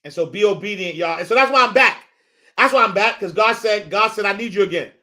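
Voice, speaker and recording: A man with a high, bright, energetic voice preaches to his audience in a motivational faith talk. He circles back on the same phrases and builds to fired-up peaks. His delivery is loose and slangy, and he keeps calling his listeners "y'all.". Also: brisk. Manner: animated, repetitive, preacher-like build-ups. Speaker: host.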